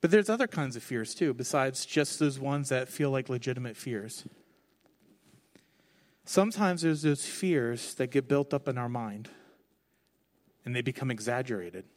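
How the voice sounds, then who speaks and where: A man preaching a conversational sermon from the stage, telling his own story candidly with lively, expressive delivery. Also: mid-range voice, unhurried, long pauses. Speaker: pastor. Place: on stage before a congregation.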